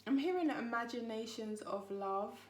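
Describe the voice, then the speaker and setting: A woman's voice: on the high side, expressive, normal speed. A woman giving a spiritual tarot reading to her viewers in a chatty, rambling, reassuring way. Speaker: tarot reader. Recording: echoey room.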